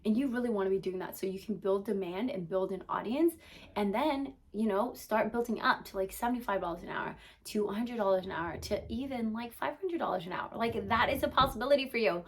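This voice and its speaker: A young woman gives a lively, emphatic motivational talk as a business coach, her voice sitting at an ordinary middle pitch. She keeps checking in with "okay?" and fills her sentences with "like". She talks fast and fired-up, straight to the viewer. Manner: energetic, emphatic, frequent "like" and "okay?" check-ins. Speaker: business strategist and mindset coach.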